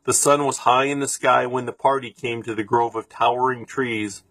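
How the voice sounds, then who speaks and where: Man reading a storybook aloud: husky, steady, expressive, dry close recording. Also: mid-range voice, normal speed, no room sound. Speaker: reader.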